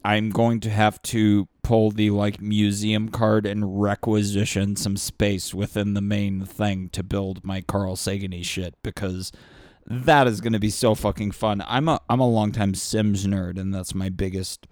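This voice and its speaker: A man chatting as a podcast guest, excitable and rambling, swearing freely. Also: lowish voice, a little slow, dry recording. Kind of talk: casual podcast chat.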